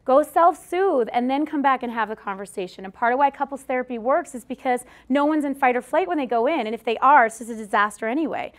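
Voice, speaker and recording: Woman presenter, slightly high voice, direct and conversational, keeps asking "okay?". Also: lively intonation, fast, few pauses. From Australia. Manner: direct, chatty, often checks in with "okay?". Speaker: speaker at a workshop. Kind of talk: live talk to an audience.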